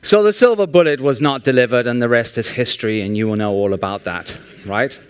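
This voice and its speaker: A man's voice: medium pitch, a little fast, clean tone. Wry, sarcastic man giving a conference talk. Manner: sarcastic, joking, animated storytelling. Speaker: conference speaker. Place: large conference hall.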